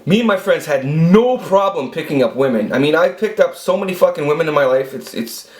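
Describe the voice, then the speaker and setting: A man's voice: fairly high pitch, lively intonation, brisk. A man in his forties telling rambling, profane stories about his past into a camera he set up himself. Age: 40s. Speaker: vlogger. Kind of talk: casual storytelling monologue. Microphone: self-filmed camera. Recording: echoey room.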